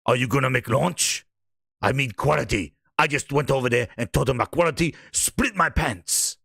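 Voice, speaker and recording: A smug, low-voiced executive boss, drawling each word slowly and talking down to his staff, as a man puts him on. The delivery is heavy and patronizing, with a dry, close sound and no room around it. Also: creaky, sharp tone, breathy edge, dry recording, exaggerated voice. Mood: condescending. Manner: slow, low, condescending. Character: smug male executive boss checking on games.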